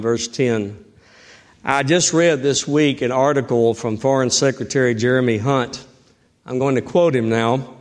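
A middle-aged man preaching a sermon, emphatic and rising in pitch on key points. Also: fairly even intonation, unhurried. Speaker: pastor.

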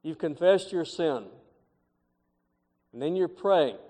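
A middle-aged pastor preaches slowly and deliberately, his slightly high voice rising and swelling on key phrases. His sermon rings out with a long reverb, as if in a large church sanctuary. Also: expressive, dark tone.

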